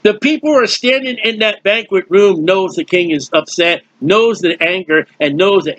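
A man's voice: sits high, normal speed, hardly any pauses, a bit bright, no room sound, dull audio. A man teaching through a Bible passage in a conversational way, explaining with everyday comparisons and often restarting his sentences. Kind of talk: informal verse-by-verse Bible teaching.

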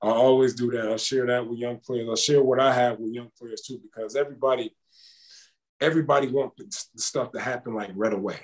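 A man's voice: mid-range voice, fairly quick. A man in his thirties, a former basketball player, telling stories in a casual interview and acting out the dialogue as he goes. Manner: animated storyteller acting out dialogue.

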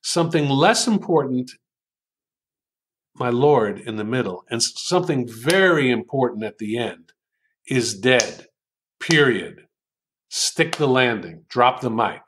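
A man's voice: medium pitch, lively intonation, moderate pace, hardly any pauses, fairly bright tone, a little hiss or hum. An older American man, an author and writing coach, talking through examples in a conversational interview, thoughtful and hesitant with frequent ums, lingering over quoted lines.

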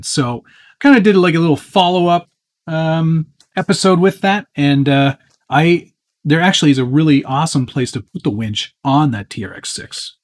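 A man hosting a live stream, casually chatting and answering viewer questions while working on a model truck with his hands. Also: medium pitch. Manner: chatty and easygoing, with frequent fillers and self-interrupting asides. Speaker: host of a live build stream.

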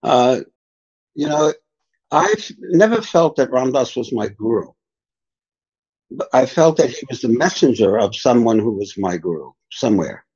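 Older male spiritual teacher, mellow husky voice, dull lo-fi sound, unhurried storyteller. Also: mid-range voice, big pitch swings. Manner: unhurried, reflective anecdotes. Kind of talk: storytelling in a podcast interview.

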